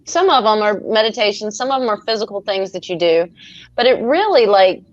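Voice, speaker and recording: A woman's voice: medium pitch, animated, brisk. Enthusiastic woman co-host, dull lo-fi sound. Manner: enthusiastic, agreeing. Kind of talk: casual chat.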